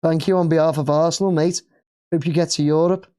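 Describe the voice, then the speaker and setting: A man's voice: on the high side, fairly even intonation, a little fast, mellow, clear, resonant tone. A man with an English accent hosting a live football watch-along, chatting casually and cheering at the play.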